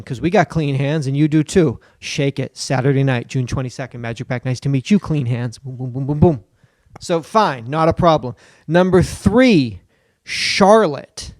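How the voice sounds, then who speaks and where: Profane riffing podcast host, dry close sound. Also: male voice, medium pitch, moderate pace, darkish tone, no room sound. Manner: riffing, profane, slips into goofy put-on voices. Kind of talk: casual comedic banter.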